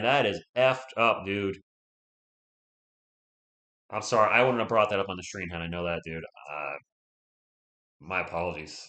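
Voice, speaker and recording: A man hosting a live stream, giving casual play-by-play commentary, chatty and excitable, and talking straight to his viewers. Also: lowish voice. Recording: echoey room.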